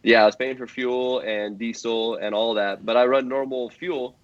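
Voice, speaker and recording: A man's voice: mid-range voice, fairly even intonation, moderate pace, dry recording, lo-fi sound. Earnest rambling man on a podcast. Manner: rambling, earnest, many fillers and restarts. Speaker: guest drift driver. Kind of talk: casual podcast chat.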